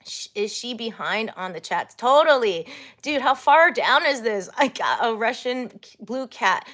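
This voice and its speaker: A woman in her thirties chats loosely with her stream audience, reading comments aloud and breaking into giggles. Her voice sits a little high, and her talk is relaxed and unpolished, with a casual curse here and there. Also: a little slow. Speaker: livestreamer reading chat. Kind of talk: casual livestream chat.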